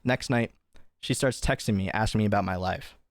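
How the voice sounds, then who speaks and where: A young man livestreams to his chat, telling a long story in a casual, animated way, full of fillers and swearing. His voice is on the low side and brisk, in a dry recording.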